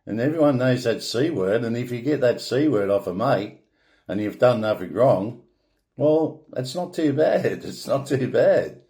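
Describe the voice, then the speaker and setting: An Australian man talking in a loose, rambling monologue, blunt and opinionated, with swearing and frequent restarts. His voice is mellow and darkish, sitting at an ordinary male pitch. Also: expressive, unhurried. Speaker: vlogger.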